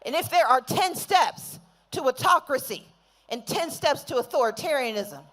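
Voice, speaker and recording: A woman speaking at a rally, leading call-and-response chants that build to shouts. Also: high voice, expressive, normal speed. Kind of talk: fiery political rally speech.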